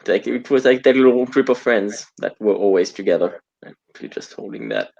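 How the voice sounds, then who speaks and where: A man playing a tabletop game, speaking hesitantly with many pauses while describing a scene. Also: fairly low pitch, very animated, creaky, darkish tone, dull audio. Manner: hesitant, full of fillers. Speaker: player. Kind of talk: casual tabletop role-play.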